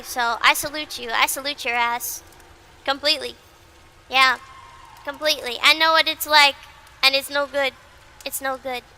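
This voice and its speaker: This VTuber streamer speaks in a high-pitched, bright, forceful voice during casual livestream chat. Blunt and self-mocking, she wanders from point to point, says things more than once, and doesn't hold back on the swearing.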